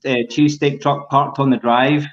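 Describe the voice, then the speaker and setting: A man's voice: mid-range voice, moderate pace, highs cut off, a crowd in the background. A man telling a long, rambling fan story in a casual podcast chat, with lots of ums. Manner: rambling, relaxed, many ums.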